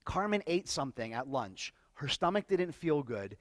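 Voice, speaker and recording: A man speaking to a live audience as a workshop speaker, telling a personal story in an emotional, halting way and often repeating words. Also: a little high, very animated, no room sound.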